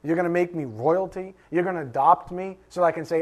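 A middle-aged male pastor with a slightly high voice delivers a sermon. He keeps it lively with rhetorical questions, then falls suddenly to a hush. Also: a little fast, hardly any pauses.

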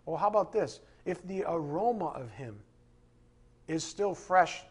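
A man's voice: a little high, lively intonation, a little slow, slightly rough. A man preaching a sermon as pastor, emphatic and driving his points home, with joking asides to the congregation.

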